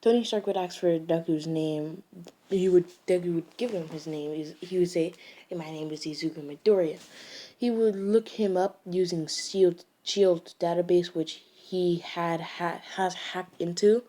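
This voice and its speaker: A woman's voice: fairly low pitch, a little slow, warm tone. A woman improvising a casual story, rambling and hesitant with many restarts. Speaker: fan storyteller.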